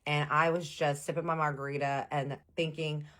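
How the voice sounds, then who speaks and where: Young girl, low voice, slangy chatty storytime, does all the voices. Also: flat delivery, normal speed, fairly bright tone. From Texas. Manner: chatty, slangy, acts out dialogue. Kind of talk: casual storytime.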